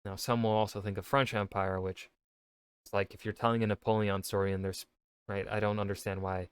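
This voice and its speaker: American man, low smooth voice, dry close mic, rambling casual commentary. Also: level tone, a little fast, dry recording. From United States. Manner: rambling, thinking aloud, with many fillers. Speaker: author reacting to a video.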